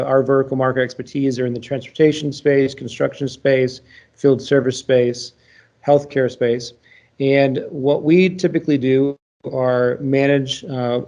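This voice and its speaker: Male founder as podcast guest, mellow voice, explanatory with frequent fillers, dull lo-fi remote audio. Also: mid-range voice. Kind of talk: casual business explanation.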